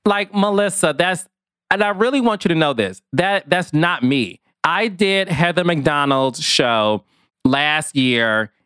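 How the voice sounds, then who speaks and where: A middle-aged man giving chatty, expressive reality-TV commentary, with sassy asides. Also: fairly high pitch, slow pace, smooth, no echo, studio quality. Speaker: commentator, former field producer. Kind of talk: casual reality-TV commentary to camera.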